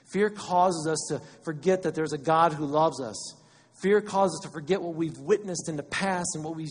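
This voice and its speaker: A man preaching a sermon as pastor, animated and conversational, acting out quotes as he goes. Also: a little high, breathy edge, big-room sound.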